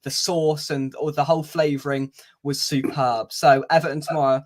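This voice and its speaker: A man's voice: on the high side, little pitch movement, moderate pace. A young man hosting a football fan channel's match preview, chatting casually and wryly with plenty of filler words. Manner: chatty, wry, lots of "uh" fillers.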